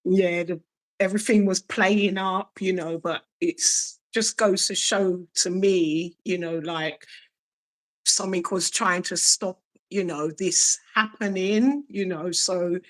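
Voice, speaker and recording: A woman's voice: lowish voice, fairly even intonation, slow pace. A woman who is a guest on a live call-in stream, a bit nervous, hesitant and full of fillers. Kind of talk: casual live-stream chat.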